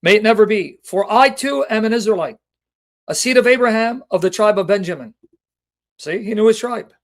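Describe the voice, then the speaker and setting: This Bible teacher and show host speaks in a high, animated, brisk voice on his livestream. He addresses viewers directly with passion and emotion, reading out scripture references and posing rhetorical questions.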